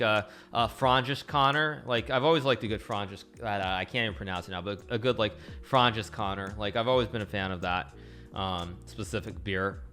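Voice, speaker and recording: Bright-voiced man analyzing chess casually. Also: medium pitch. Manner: rambling, with frequent restarts and self-corrections. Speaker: chess streamer analyzing games.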